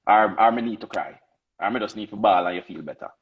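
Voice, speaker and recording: Husky Jamaican man, lecturing. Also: lowish voice, fast talker, phone-quality sound. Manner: emphatic, repeats himself, lectures. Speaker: podcast co-host. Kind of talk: casual debate chat.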